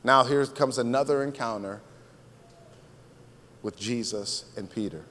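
A man's voice: medium pitch, a little slow, a bit bright, big-room sound. A man preaching a sermon as pastor, in a casual, conversational way, often repeating his key phrases.

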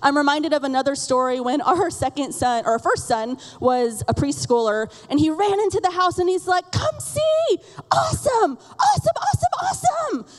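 A woman in her thirties delivers a sermon on a stage mic. Her voice sits high, and the sound carries a long church-hall reverb. She talks candidly and with self-deprecating humor, breaking into laughs now and then. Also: expressive, a little fast, few pauses. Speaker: pastor. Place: church auditorium.

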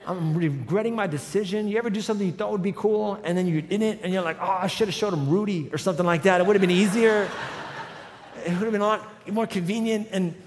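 A male pastor in his forties with a fairly high voice, telling a funny story to his congregation. He swings from quiet asides into loud, driving emphasis, and his voice rings with the long reverb of a large church hall. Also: fast, a little hiss or hum. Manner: storytelling, humorous, builds to loud emphatic runs. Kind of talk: sermon.

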